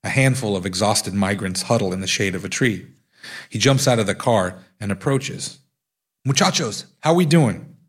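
A man's voice: fairly low pitch, normal speed. A man, an author, reading his own nonfiction aloud in a dry, wry storytelling way.

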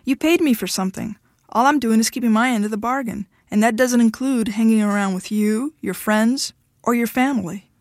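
A woman reading the part of a sharp, independent young woman who is curt and dismissive. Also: fairly high pitch, fairly quick, dry recording, studio quality, close to an everyday voice.

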